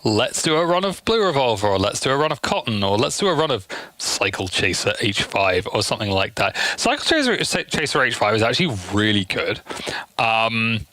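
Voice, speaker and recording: Man, gaming streamer, tired, rambling and sweary, bright forceful voice, dry close sound. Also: on the low side, animated, a little fast, dry recording. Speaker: game streamer. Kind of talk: casual gameplay stream commentary.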